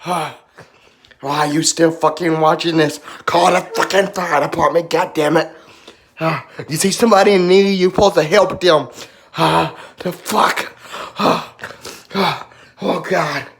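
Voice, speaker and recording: This vlogger's voice is gravelly and unhurried, with fairly even intonation, as he gasps for air, curses and breaks into high whoops while spicy food scorches his mouth in a casual video.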